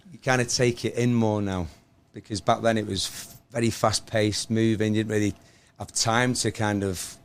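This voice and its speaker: A man's voice: lowish voice, flat delivery, normal speed, hardly any pauses, clean tone. A man with a Liverpool accent, a band member guest, speaking thoughtfully and earnestly in casual chat.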